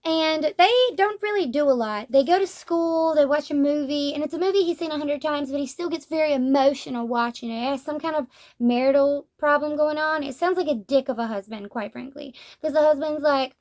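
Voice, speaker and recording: Young woman, high voice, chatty, rambling, casual manga review. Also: a little fast, a little mellow.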